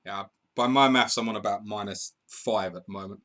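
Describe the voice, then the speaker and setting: A male host runs a live football stream, reading out viewer comments and bantering with them as match updates come in. His voice sits a little low but comes across bright and forceful. He laughs often and keeps it loose and conversational. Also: steady tone, a little fast. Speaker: podcast host.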